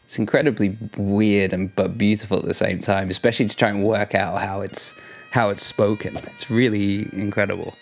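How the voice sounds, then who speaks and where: A man's voice: on the low side, flat delivery, moderate pace, creaky, soft background music. A man co-hosting a podcast, enthusiastic and self-mocking with frequent laughs. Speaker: podcast co-host. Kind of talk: casual chat.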